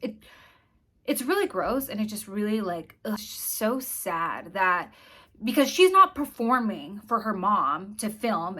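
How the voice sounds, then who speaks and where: A woman's voice: medium pitch, pushed and bright. A woman hosting her own channel, talking casually and bluntly to camera with open disgust. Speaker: commentary vlogger host.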